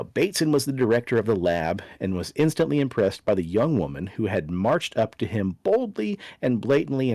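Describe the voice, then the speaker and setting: A man's voice: medium pitch, a little mellow, no room sound. A man hosting a podcast, telling a story in a playful, dry way. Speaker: podcast host.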